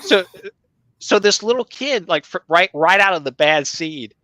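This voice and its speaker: Man, middle-aged, bright tone, dry close sound, halting, restarts often, storytelling chat. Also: sits high, animated, dry recording, low-quality recording. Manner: halting, many fillers and restarts, chuckles. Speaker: guest, creative writing teacher. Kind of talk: casual conversation, anecdote.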